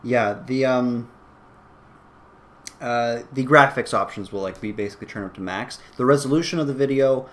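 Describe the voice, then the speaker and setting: A man's voice: medium pitch, moderate pace. A man co-hosting a casual gaming podcast, talking hesitantly with many fillers and easy laughs. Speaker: podcast co-host. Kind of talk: casual chat.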